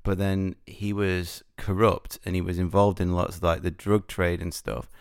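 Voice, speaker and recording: A man's voice: sits low, little pitch movement, normal speed, vocal fry, clear, resonant tone, dry recording, clean studio sound. A man chatting as co-host, blunt and jokey, swearing freely. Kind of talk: casual chat.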